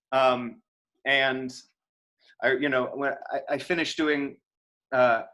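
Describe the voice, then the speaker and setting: Speaking from his home over a video call microphone, an American man teaches acting in a loose, casual way, often restarting and using fillers. His voice sits in the mid-range, bright and forceful.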